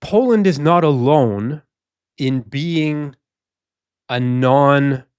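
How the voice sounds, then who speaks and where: A man's voice: medium pitch, slow pace, a little mellow, smooth, no room sound, clean studio sound. A man co-hosting a history podcast, laying out background context at length in a discussion. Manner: explanatory, lays out context at length. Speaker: podcast co-host.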